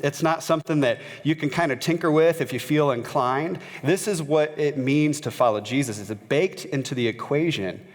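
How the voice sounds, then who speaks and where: A man's voice: a little high, normal speed, few pauses. Male pastor, conversational storytelling sermon, lots of "uh" fillers, long church-hall reverb. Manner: conversational, frequent "uh" fillers, grows animated when retelling a story. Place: church sanctuary.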